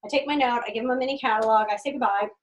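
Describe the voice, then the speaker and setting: A woman with a high voice coaches a group on selling, bursting into little acted-out conversations and hammering home words by repeating them. She is picked up from some distance, so the sound is thin and far off. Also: racing. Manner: energetic, acts out customer dialogues; repeats phrases for emphasis. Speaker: direct sales trainer. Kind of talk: sales training talk. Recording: voice from a distant mic.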